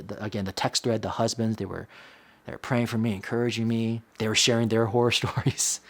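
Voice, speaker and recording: Earnest pastor sharing a confession. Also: male voice, mid-range voice. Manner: earnest, halting, repeats words. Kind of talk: personal confession to camera.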